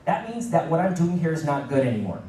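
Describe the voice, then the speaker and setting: A man's voice: on the high side, big pitch swings, fast talker, warm tone, a little hiss or hum. Middle-aged man giving an echoey keynote. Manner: repeats phrases for emphasis; acts out quoted dialogue. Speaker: keynote speaker. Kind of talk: motivational keynote talk. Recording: echoey room, mic at a distance.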